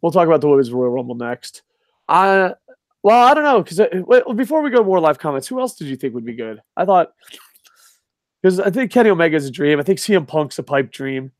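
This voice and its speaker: A man's voice: a little high, very animated, a little fast, no room sound, clean studio sound. A man co-hosting a casual wrestling chat, sarcastic and swearing freely, laughing at his own jokes. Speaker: podcast co-host.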